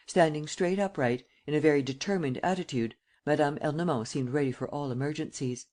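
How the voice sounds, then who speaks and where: Measured male audiobook narrator. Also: fairly high pitch, darkish tone. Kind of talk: scripted narration.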